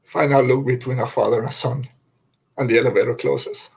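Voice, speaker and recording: A man's voice: medium pitch, fairly even intonation, brisk, vocal fry, breathy edge. A middle-aged man hosting a podcast, reviewing an episode in an emotional, heartfelt way, sighing and restarting his sentences as he gets choked up. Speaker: podcast host.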